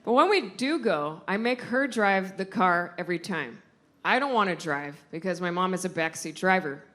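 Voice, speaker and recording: A woman comedian telling a stand-up story in a slow, drawn-out delivery. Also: fairly low pitch, lively intonation. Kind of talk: stand-up routine. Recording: loud audience noise in a venue.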